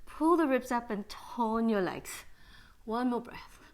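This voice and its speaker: A woman yoga teacher guiding a class through poses and breaths, calm and steady, a little out of breath. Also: a little high, slow. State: slightly out of breath. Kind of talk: guided yoga class instruction.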